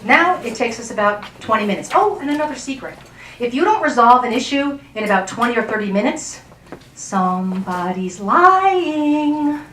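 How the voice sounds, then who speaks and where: A woman's voice: a little high, animated, fast talker, a bit bright, distant mic, slight background noise. Chatty woman coach in a roomy hall. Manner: chatty, checks in with the audience often. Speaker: relationship coach. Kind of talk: workshop talk to an audience. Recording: roomy sound from off-mic.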